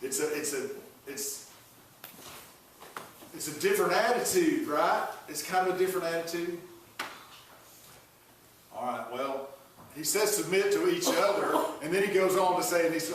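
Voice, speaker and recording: Slow folksy preacher in an echoey church. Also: male voice, a little high, fairly bright tone, slight background noise. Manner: folksy, joking asides to the congregation. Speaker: pastor. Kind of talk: sermon. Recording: echoey room, voice from far off.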